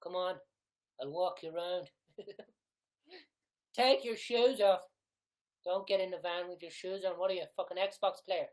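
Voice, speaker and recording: A man's voice: high voice, unhurried, pauses often, low-quality recording. A man putting on an exaggerated fake Irish accent, playing a cheery young male gamer who repeats sing-song catchphrases. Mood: rowdy. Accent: put-on Irish.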